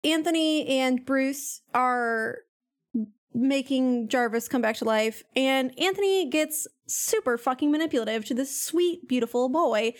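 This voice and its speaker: High-voiced, blunt female co-host. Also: measured pace. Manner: blunt, sardonic, profane. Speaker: podcast co-host and editor. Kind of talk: casual chat.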